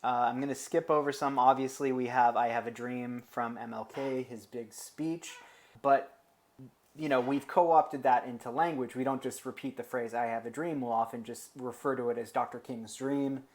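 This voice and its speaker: American guy lecturing casually, lots of um and you know, wanders off topic, middle pitch. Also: steady tone, moderate pace. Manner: conversational and digressive, with frequent fillers and asides. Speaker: teacher. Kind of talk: informal classroom lecture.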